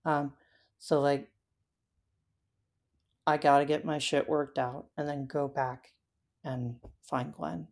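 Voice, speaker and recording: Low-voiced slow-talking woman. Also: little pitch movement, creaky, darkish tone. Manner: halting, frequent um and like fillers. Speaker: interview guest recounting a hike. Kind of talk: casual interview storytelling.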